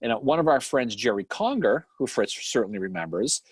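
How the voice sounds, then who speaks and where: A man's voice: medium pitch, expressive, a little fast, slightly rough, dry recording. A middle-aged man from the Boston area with a Boston accent, co-hosting a casual live stream, rambling through old memories, swearing freely and laughing often. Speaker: podcast co-host.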